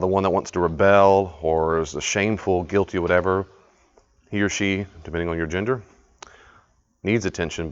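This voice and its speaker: A man's voice: low-pitched, clear, resonant tone. A man leading a live study group, teaching in a conversational way, often repeating himself and putting questions to the group. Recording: dull lo-fi live recording.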